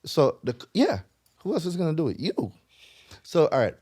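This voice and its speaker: A man's voice: a little high, huge pitch swings, normal speed, dark tone, slightly rough. A man with a Jamaican accent, a guest on a casual podcast, explaining credit repair in an emphatic, lecturing way and swearing freely.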